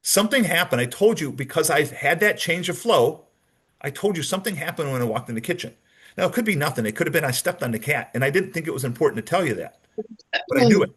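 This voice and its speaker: A man's voice: fairly high pitch, expressive, fast, fairly bright tone, breathy edge. A man teaching a lecture on detecting deception, explaining step by step, repeating key points and acting out sample answers. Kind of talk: training lecture.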